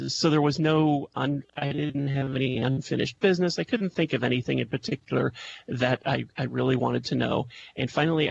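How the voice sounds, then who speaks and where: A man's voice: medium pitch, vocal fry. A man, a guest on a radio show, telling a personal story over an internet call, hesitant with many ums and restarts. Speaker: guest, music intuitive. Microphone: Skype call. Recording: dull lo-fi call line with faint noise.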